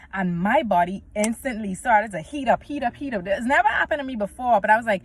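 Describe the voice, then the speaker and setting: A woman's voice: a little high, expressive, quick pace, few pauses. A woman, giving an earnest, faith-filled vlog talk and quoting scripture. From Bahamas. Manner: earnest and preachy, quotes scripture, acts out little dialogues. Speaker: vlogger. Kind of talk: casual faith-based talk to camera.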